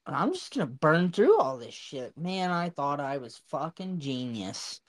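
A man's voice: on the high side, big pitch swings, a little slow, no room sound. A man hosting a casual chat, profane, laughing often. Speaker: podcast host.

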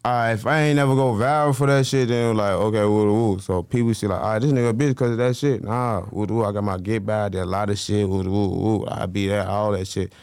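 A man talks through his stories in a loose, slangy style. His voice comes across smooth and clear. He gets animated and acts out what other people said. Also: fairly low pitch, quick pace, few pauses, no room sound, studio quality. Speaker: interview guest. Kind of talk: casual interview storytelling.

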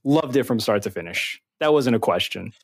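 A man's voice: medium pitch, animated, moderate pace, vocal fry, no room sound, studio quality. A man co-hosting a casual interview, gushing with enthusiastic praise. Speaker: podcast co-host.

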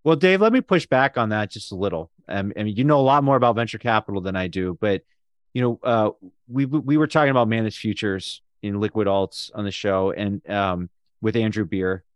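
A man's voice: on the low side, fairly quick, smooth, no echo, clean studio sound. A man hosting an interview podcast, chatting casually, pushing back and laughing easily. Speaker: podcast host.

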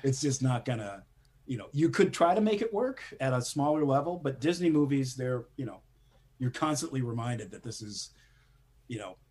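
Husky-voiced man rambling with fillers. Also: medium pitch, animated, moderate pace, darkish tone. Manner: rambling, many fillers and restarts, laughs often. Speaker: animation screenwriter guest. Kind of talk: casual interview talk.

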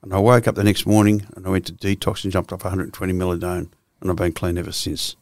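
A man's voice: low voice, little pitch movement, fast, a little mellow, no echo, studio quality. A man in his sixties with an Australian accent, a guest telling his life story bluntly and profanely, full of restarts. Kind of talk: candid storytelling interview.

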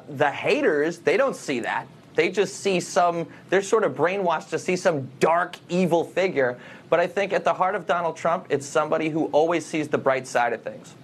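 A man's voice: a little high, slight background noise. A man who does stand-up comedy, speaking as an interview guest in an upbeat, earnest and talkative way.

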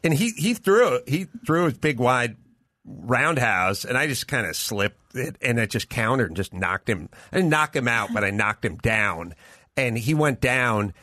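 Middle-aged comedian guy, bright punchy voice, dry close mic, spins a story and does the voices. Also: medium pitch, moderate pace, dry recording. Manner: animated, acts out voices in his stories. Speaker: guest comedian. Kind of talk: casual storytelling chat. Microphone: studio mic over remote link.

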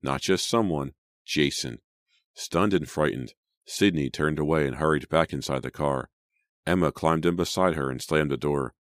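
Super deep guy reading a spooky audiobook, dry close sound, measured and suspenseful. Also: dry recording. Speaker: audiobook narrator. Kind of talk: scripted narration.

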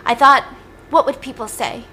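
A woman's voice: high-pitched, steady tone, normal speed, sharp tone, slight background noise, voice pushed up. A woman retelling courtroom testimony as a grieving mother who accuses the girl, gossipy. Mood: accusing. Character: grieving small-town mother on the witness stand.

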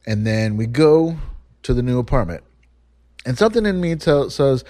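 A man with a dark, mellow voice tells a rambling story full of swearing, casual and animated. His voice is close and dry on a podcast microphone, with no room sound. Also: medium pitch, moderate pace, dry recording.

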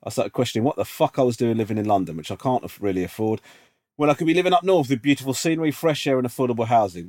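A man's voice: medium pitch, darkish tone, dry recording. A man co-hosting a casual advice podcast, dry and teasing, reading listener emails aloud and giving his view. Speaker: podcast co-host. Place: remote call.

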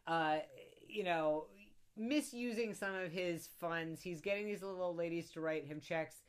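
A woman co-hosting a casual film discussion podcast, animated, acting out quotes as she laughs. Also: fairly low pitch, normal speed, clear, resonant tone. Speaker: podcast co-host.

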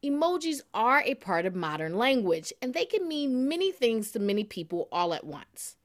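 With a slightly high voice that swings widely in pitch, this woman talks at a moderate pace through a studio microphone. Hosting a radio news show, she moves between scripted segments and upbeat, laugh-filled chat over a word puzzle.

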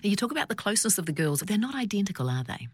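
A woman's voice: mid-range voice, big pitch swings, racing, slightly rough, no echo, studio quality. A woman with a New Zealand accent who hosts a parenting show, asking friendly, encouraging questions. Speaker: radio show host. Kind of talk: interviewing on a parenting program.

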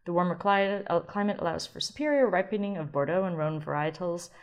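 A woman's voice: lowish voice, a little fast. A woman hosting her own wine podcast, with a chatty, rambling delivery and self-deprecating asides. She talks casually, as if to friends, and breaks off now and then to correct herself. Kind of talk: casual solo podcast chat.

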